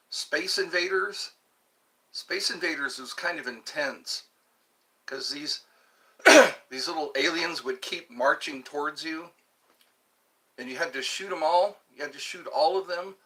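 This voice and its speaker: Slow-talking older man, husky and bright. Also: on the high side. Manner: reads viewer comments aloud and plays along. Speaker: livestream host. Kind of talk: casual livestream chat.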